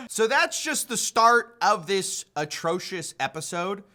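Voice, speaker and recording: A man's voice: sits high, sing-song, a little slow, bright, forceful tone. A man hosting an online commentary video, talking in a sarcastic, mocking way and sounding incredulous. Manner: incredulous, mocking, laughs at the news.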